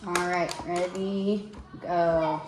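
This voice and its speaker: A woman teacher leading a small-group reading lesson, patient and encouraging, slowing down to explain letter sounds. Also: fairly low pitch, fairly even intonation, roomy sound, noisy background. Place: classroom.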